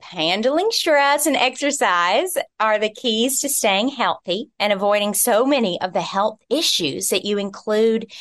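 A young woman co-hosting a podcast, telling a story in an animated, exasperated way. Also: fairly high pitch. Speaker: podcast co-host. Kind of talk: casual podcast chat, storytelling.

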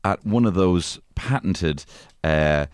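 A man's voice: low-pitched, slow, clean tone, no echo, clean studio sound. A man co-hosting a comedic podcast in a jokey, rambling way. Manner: jokey, rambling, lively delivery with fillers. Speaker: podcast co-host.

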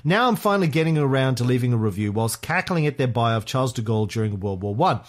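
Bubbly valley girl voice put on by a man, sing-song, upbeat, gushing young woman, mid-pitched. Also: lively intonation, fast, lightly acted.

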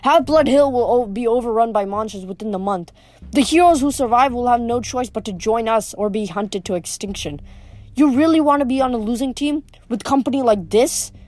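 A woman reading the part of a smooth, scheming teenage boy villain in an audiobook, with a mocking manner. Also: a little high, brisk, darkish tone, no echo, lightly acted. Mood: scornful.

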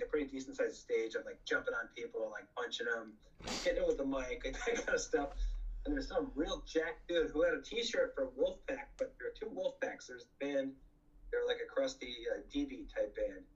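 A man who fronted a punk band tells rambling, profane stories in casual conversation, laughing often and filling his talk with "like" and "you know.". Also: mid-range voice. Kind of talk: casual anecdotal storytelling. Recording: slightly distant, dull lo-fi mic.

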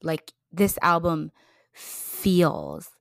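Young woman podcast host, casual and effusive, lowish voice, dry close sound. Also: vocal fry, dry recording. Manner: effusive and emotional, swinging between excited bursts and slow soft passages. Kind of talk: casual chat.

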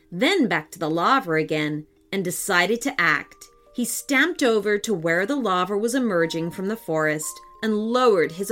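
Lively woman reading a children's story. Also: mid-range voice. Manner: expressive, lilting. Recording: soft background music.

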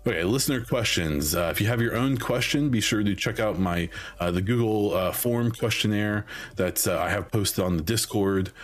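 A man's voice: lowish voice, moderate pace, few pauses, soft background music. A man hosting a solo podcast in a casual, rambling way, full of ums and restarts, his voice starting to go. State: losing his voice. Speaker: podcast host.

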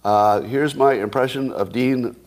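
A man's voice: mid-range voice, unhurried, darkish tone, a little hiss or hum. A man in his sixties hosting a live stream, talking in a sarcastic, mocking way. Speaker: podcast host.

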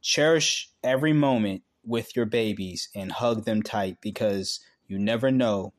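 A man reading a news article aloud in a slow, halting way, breaking off for blunt, profane asides. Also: fairly low pitch. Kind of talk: casual commentary reading aloud.

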